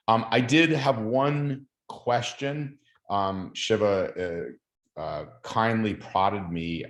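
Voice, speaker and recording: A man's voice: low-pitched, reverberant. A man with a Long Island New York accent hosting a partner video call in a friendly, chatty way, with frequent ums and uhs. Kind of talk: casual video call chat.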